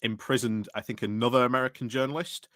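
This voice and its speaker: A man's voice: medium pitch, fairly even intonation, quick pace, fairly bright tone, no room sound, clean studio sound. Man chatting loosely about politics. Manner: rambling, frequent fillers and restarts, laughs while talking. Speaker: podcast panelist. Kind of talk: casual political chat.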